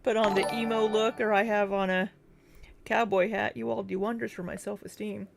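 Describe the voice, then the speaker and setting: A young woman chats with her livestream audience in a relaxed, casual way. She reads out viewer names and thanks them one after another. Her replies come with frequent, easy laughter. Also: medium pitch, normal speed, vocal fry, a little hiss or hum. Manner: laughs often between chat replies. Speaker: livestream host. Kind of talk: casual livestream chat reading.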